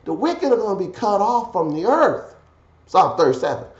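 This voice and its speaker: A man preaches in a raised, lively voice that climbs and dips sharply. He swings between declaiming verses and low, muttered asides. The sound is roomy and a little muffled. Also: moderate pace. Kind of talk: fiery scripture sermon.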